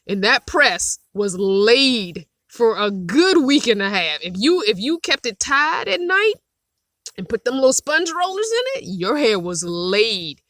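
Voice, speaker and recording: With a high voice and a measured pace, a middle-aged woman chats casually on a live stream from inside her van. The audio is studio quality with no room sound, and she tells animated stories, laughing frequently.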